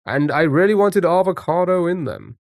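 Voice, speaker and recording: A man's voice: sits high, moderate pace, no echo. Chatty male streamer, dry close mic. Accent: non-American English. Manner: chatty, greets viewers, thinks aloud while guessing words. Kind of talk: casual live-stream chat.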